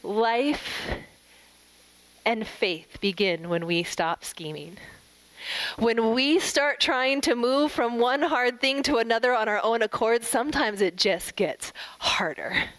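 A middle-aged woman giving a devotional talk, gentle and reflective, telling a family story and closing in prayer. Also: a little high, slow, dry recording, low-quality recording. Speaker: devotional speaker.

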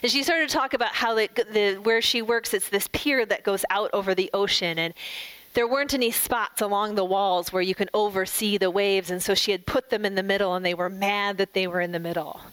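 A middle-aged woman giving a devotional talk, gentle and reflective, telling a family story and closing in prayer. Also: medium pitch, brisk, clean tone, no room sound, poor audio. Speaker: devotional speaker.

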